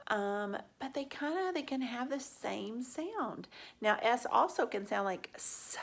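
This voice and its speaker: A woman's voice: fairly high pitch, animated, a little slow, creaky, a bit bright. A woman teaching a reading lesson to young children. She talks patiently, draws out letter sounds and asks the children questions.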